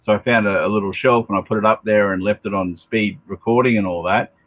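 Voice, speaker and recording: A man's voice: fairly low pitch, fairly even intonation, fast talker. A man chatting casually as a guest on a live show, rambling and tossing in joking asides. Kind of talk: casual chat. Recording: dry muffled lo-fi stream audio.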